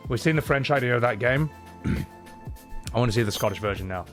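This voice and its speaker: A man's voice: medium pitch, animated, moderate pace, fairly bright tone, faint music behind. A man in his thirties chatting casually and animatedly on a live game stream, laughing often. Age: 30s.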